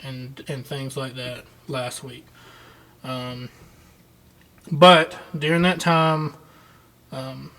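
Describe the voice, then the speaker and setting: A man's voice: a little high, a bit bright. A man giving a children's Bible lesson on video, retelling the story in a plain, patient way.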